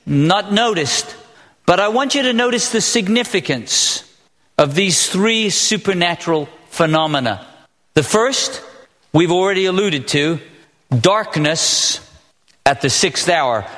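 A man preaching a sermon as pastor, earnest and emphatic, with dramatic pauses. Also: a little high, a bit bright. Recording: long reverb of a large hall.

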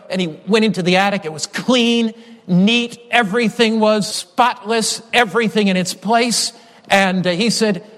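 A male preacher with a high voice delivers a measured, emphatic sermon. He builds his points through repeated refrains. Long reverb trails his phrases in a large hall. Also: fairly bright tone.

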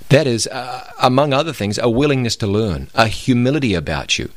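A man's voice: medium pitch, expressive, brisk, dry recording. A man co-hosting a radio Bible program, asking questions and reflecting on scripture. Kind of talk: conversational Bible discussion.

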